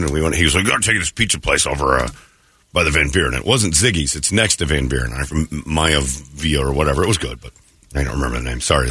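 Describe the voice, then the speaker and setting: A man's voice: extremely low pitch, bright, forceful tone, breathy edge, no echo. A man hosting a morning radio show, telling rambling stories in casual chat and laughing as he goes, his throat thick from allergies. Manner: rambling storyteller, laughs mid-story. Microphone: studio mic.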